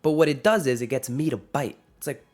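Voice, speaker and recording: A man's voice: medium pitch, expressive, brisk, a little mellow. A young man giving a casual rant to camera, rambling and correcting himself as he goes, with a wry tone. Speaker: vlogger.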